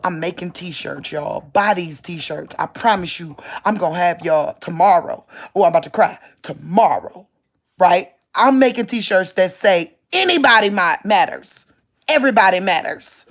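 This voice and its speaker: In a lowish, lively voice with no rush, a woman talks to her viewers on a phone while lying down late at night. Her vlog is rambling and incredulous, full of repetition and frequent restarts.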